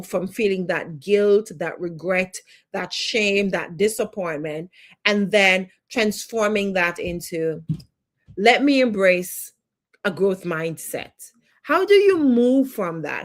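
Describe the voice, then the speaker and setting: A woman with a Jamaican accent, a life coach teaching a live online lesson, emphatic and fond of repeating phrases for effect. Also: medium pitch.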